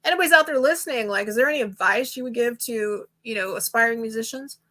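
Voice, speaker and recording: Woman, podcast host, bright tone, slightly high voice, chatty. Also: fast talker. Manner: chatty, rambling questions with fillers. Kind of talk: casual interview chat.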